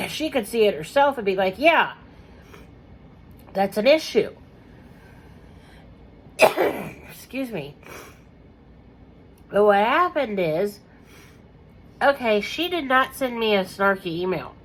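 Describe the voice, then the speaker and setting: A woman vlogging in a casual, rambling way, with many fillers, who keeps clearing her throat through a coughing fit. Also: medium pitch, rough recording. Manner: chatty, lots of "you know" fillers, frequent throat clearing.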